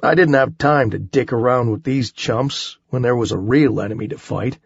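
A man reading a first-person action novel aloud in a dry, wry, steady storytelling manner. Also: medium pitch, moderate pace, vocal fry, breathy edge, no room sound, highs cut off. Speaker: audiobook narrator. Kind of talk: first-person audiobook narration.

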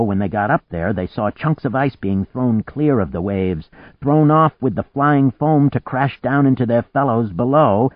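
A man narrating a story in a vivid, expressive reading. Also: on the low side, no echo, highs cut off. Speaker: audiobook narrator. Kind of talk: scripted narration.

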